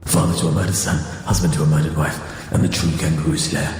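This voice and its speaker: A man voicing a grim, vengeful male gladiator hero in a slow, solemn film-style delivery. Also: a bass voice, flat delivery, darkish tone, reverberant, big-room sound, soft background music, pitched below the performer's own voice.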